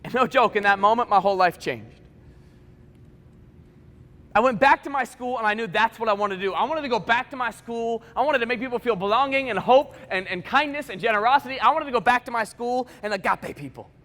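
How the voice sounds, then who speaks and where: A man in his twenties, a motivational speaker, telling stories at a school assembly in an animated, conversational way with comic asides. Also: very high voice, fairly quick. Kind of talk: school assembly keynote storytelling. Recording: echoey school hall reverb.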